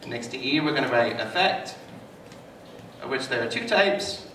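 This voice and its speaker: A man speaks as a psychotherapist to a live audience, mixing lecture points with animated, self-mocking stories. He sits at a middle pitch for a man. He is picked up from some distance in a reverberant hall with audible background noise. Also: moderate pace. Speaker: psychotherapist giving a talk. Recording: echoey hall, mic at a distance, noisy.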